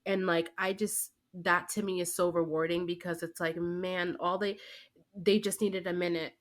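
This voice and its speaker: A woman's voice: on the low side, normal speed. A young woman, a teacher and guest, talking in casual conversation and often filling with "like" and "right?". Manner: animated, heavy fillers like "like" and "right?".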